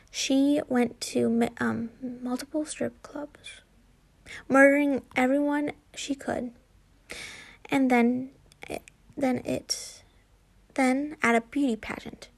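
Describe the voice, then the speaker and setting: A woman's voice: fairly high pitch, gravelly. A woman reading a fan fiction story aloud, stumbling and restarting often. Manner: halting, frequent slips and restarts. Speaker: fanfiction reader.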